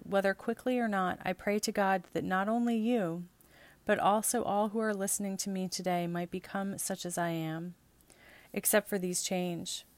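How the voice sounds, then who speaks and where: A woman reads scripture passages and canticles aloud at a measured, steady pace, in a liturgical reading style. The sound is dry and close, with no room echo. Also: medium pitch. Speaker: scripture reader.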